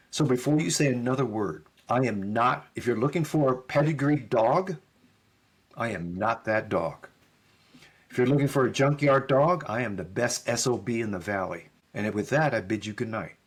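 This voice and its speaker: A man's voice: mid-range voice, moderate pace, breathy edge. A middle-aged man, a podcast guest, telling a story in conversation and acting out both sides of the dialogue.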